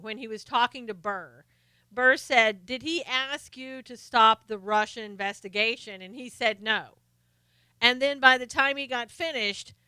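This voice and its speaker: A woman's voice: on the high side, bright, forceful tone, clean tone, dry recording. A middle-aged woman hosting a live stream, chatting casually and sarcastically about politics while greeting viewers by name.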